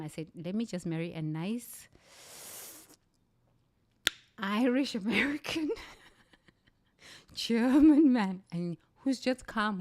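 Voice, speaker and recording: A middle-aged woman with a South African accent, a native Zulu speaker, talks with fierce conviction and hammers her points home by repeating them. Her voice sits fairly low, and the recording is close and dry with no room sound. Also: darkish tone, no echo. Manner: intense, emphatic, repeats phrases for weight. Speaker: livestream speaker. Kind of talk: impassioned motivational talk.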